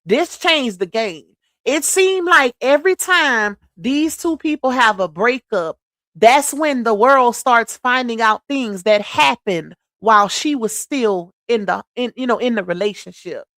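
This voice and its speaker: Speaking bluntly and with emphasis straight to her viewers, this adult mother from Louisiana runs a laid-back livestream. Her voice is a bit high and fairly bright, with lively intonation and an unhurried pace, captured dry at studio quality.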